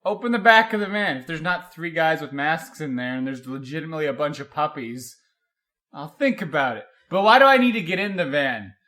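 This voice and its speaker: A man's voice: a little high, lively intonation, brisk, bright, forceful tone. A man in his thirties co-hosting a podcast, telling a rambling story in casual chat and laughing often. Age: 30s. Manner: rambling, laughs a lot, acts out quotes. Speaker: podcast co-host.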